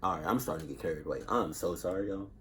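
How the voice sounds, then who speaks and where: A man's voice: low-pitched, very fast, fairly bright tone. Rambling laid-back man reacting. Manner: rambling, swears and laughs, self-interrupting. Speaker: reaction video host. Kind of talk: casual reaction commentary.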